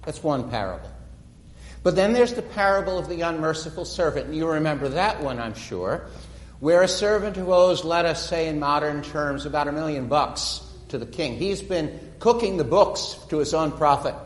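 A man preaching a sermon, retelling stories dramatically and slowing down for emphasis. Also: fairly high pitch. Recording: echoey hall reverb.

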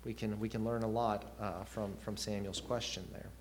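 A man's voice: lowish voice, flat delivery, moderate pace, a little hiss or hum. A man preaching a sermon, earnest, with rising and falling emphasis and questions put to the listeners.

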